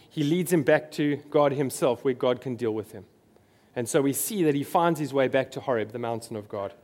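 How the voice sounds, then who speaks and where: A man's voice: on the high side, a little mellow. A man preaching a sermon, earnest and emphatic, repeating his key phrases.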